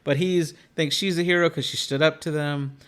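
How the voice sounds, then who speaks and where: A man's voice: a little high, steady tone, normal speed, a bit bright, smooth. A man co-hosting a podcast, casually recapping a film's plot and acting out the characters' lines as he goes. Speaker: podcast co-host. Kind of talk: casual chat recapping a film.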